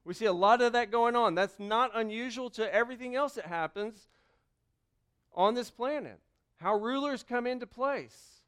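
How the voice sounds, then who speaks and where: A man preaches a sermon, reading scripture slowly and stressing key words. His voice sits high and stays smooth and resonant. He drops to quiet asides, then comes back loud. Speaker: pastor.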